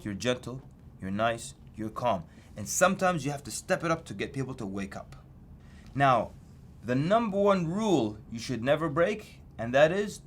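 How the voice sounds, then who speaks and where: A man preacher giving a lecture on outreach, telling stories with lively swings of pitch for emphasis. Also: a little hiss or hum. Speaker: Islamic preacher teaching street outreach. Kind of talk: story-led lecture.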